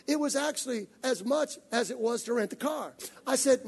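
High-voiced, husky male preacher. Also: fast talker. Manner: animated storytelling, acting out scenes. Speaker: pastor. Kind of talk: sermon.

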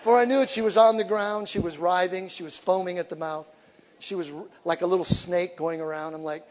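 High-voiced preacher in an echoing hall. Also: male voice, a little fast, some chatter behind, a little hiss or hum. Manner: animated storytelling with humor, shifts from quiet to shouting. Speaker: evangelist preacher. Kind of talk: sermon. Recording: echoey hall reverb.

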